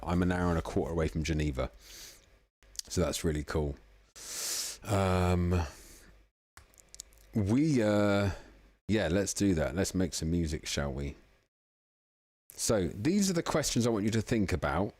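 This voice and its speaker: Low-voiced guy rambling on his stream, lively ups and downs, dry close sound. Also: no room sound. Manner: chatty, rambling, self-deprecating, slightly tipsy. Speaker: livestream music producer host. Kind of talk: casual live-stream chat. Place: home room in the evening.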